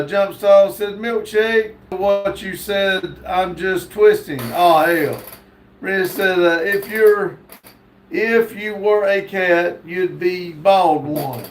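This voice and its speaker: A man's voice: high-pitched, unhurried. A man hosting a live stream, reading viewer comments aloud and stopping often on fillers. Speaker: livestream host. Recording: echoey room.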